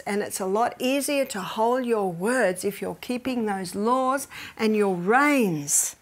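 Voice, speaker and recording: A middle-aged woman giving a health seminar that weaves in Bible teaching. She tells stories lively, laughs often, and drops to a soft whisper for emphasis. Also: on the high side, measured pace, few pauses. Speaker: health educator.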